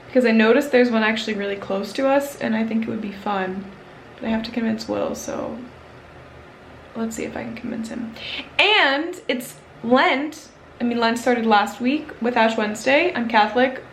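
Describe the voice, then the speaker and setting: A woman's voice: fairly high pitch, steady tone, fairly quick, a little hiss or hum. A young woman chatting casually to her camera, rambling with lots of fillers and self-mocking asides. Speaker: vlogger. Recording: roomy echo.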